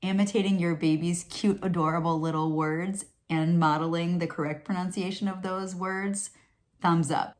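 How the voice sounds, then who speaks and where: A woman's voice: on the low side, fairly even intonation, moderate pace. A woman giving a chatty, reassuring talking-head lesson on early language for parents, with questions and asides. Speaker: speech and language educator.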